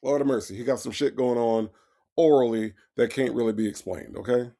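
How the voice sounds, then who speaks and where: A man riffs sarcastically on a true-crime story. His voice is gravelly, with a mid-range pitch. He curses freely and hammers the same line over and over. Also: fairly quick, mellow. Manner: sarcastic, profane, repeats his points. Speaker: podcast host. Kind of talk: true-crime comedy commentary.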